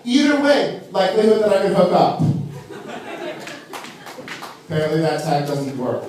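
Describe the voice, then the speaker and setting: A man performing a stand-up comedy set, theatrical and animated, swinging his pitch up high for emphasis. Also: moderate pace, pauses often, heavy reverb, distant mic, background noise. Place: comedy club stage.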